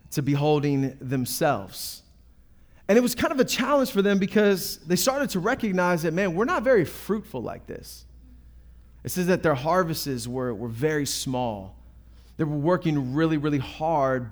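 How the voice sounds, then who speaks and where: A man preaching a sermon as pastor, emphatic and conversational, repeating phrases and calling out to the congregation. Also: on the high side.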